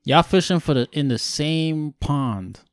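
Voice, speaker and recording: A man's voice: a little high, lively intonation, unhurried, no room sound, studio quality. A young man co-hosting a podcast in casual chat, laid-back and reflective. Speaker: podcast co-host.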